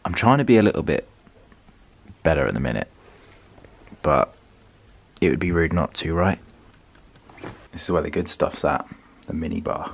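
A man's voice: extremely low pitch, normal speed, gravelly, long pauses, slightly rough. Chatty young guy touring a hotel room. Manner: chatty, upbeat, relaxed. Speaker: vlogger. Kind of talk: casual vlog hotel tour.

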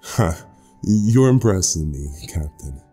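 A smug, faceless caller sneers from behind a black screen, as a man puts him on. His voice sits very low and husky, sarcastic and unhurried, a storybook villain who enjoys his secrets. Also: big pitch swings, warm tone, soft background music, full character voice. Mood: mocking. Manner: cool, mocking, unhurried. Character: mysterious anonymous male caller, sarcastic and smug. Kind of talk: horror story narration voice acting.

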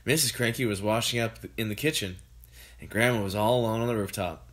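Someone reading a children's book aloud in an expressive, animated way. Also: mid-range voice, fast talker. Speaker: storybook reader.

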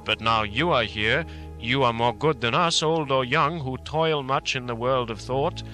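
A man voicing an elderly professor who speaks gravely and urgently in a measured, commanding way, over faint music. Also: medium pitch, bright, forceful tone.

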